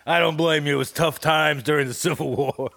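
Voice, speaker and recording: A man co-hosting a comedy podcast, brash and boastful, with a gravelly voice and loud laughs. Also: fairly high pitch, steady tone, fairly quick, a little hiss or hum. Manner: brash, boastful tough-guy patter with frequent laughs. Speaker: podcast co-host. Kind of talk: improvised comedy banter.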